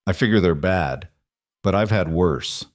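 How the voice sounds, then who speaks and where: A man voicing a tired, quietly defiant old gunslinger in a western story, speaking quietly and flatly. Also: sits low, a little slow, no room sound, studio quality. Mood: quiet defiance. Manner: quiet, flat, world-weary.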